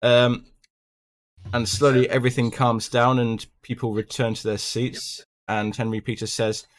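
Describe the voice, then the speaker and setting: A man's voice: mid-range voice, flat delivery, a little slow. A man running a tabletop horror game as game master, narrating casually with frequent ums.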